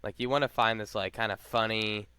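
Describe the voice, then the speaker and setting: Rambling man with a smooth, dry voice. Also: fairly low pitch, fairly even intonation, brisk, sharp tone, no room sound. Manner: rambling, lots of "like" and laughs. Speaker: podcast co-host. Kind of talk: casual chat.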